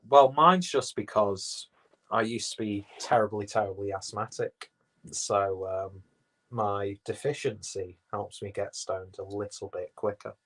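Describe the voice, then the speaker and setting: On a rough recording, a man with an English accent and a lowish, fairly bright voice runs a casual livestream. Reading the viewers' chat out loud, he rambles along and swears without restraint.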